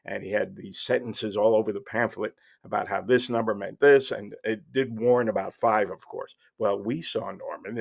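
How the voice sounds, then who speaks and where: A man's voice: fairly low pitch, vocal fry. Wry older male storyteller. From New Jersey. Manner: wry, digressive, with fillers and restarts. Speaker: podcast host. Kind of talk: casual storytelling monologue.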